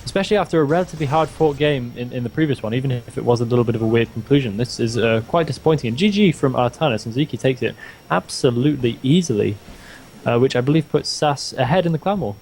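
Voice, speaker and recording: A man's voice: medium pitch, quick pace, darkish tone, slight background noise. Chatty young male game caster. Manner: chatty, teasing, stumbles and restarts words. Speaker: esports caster. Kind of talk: casual game commentary.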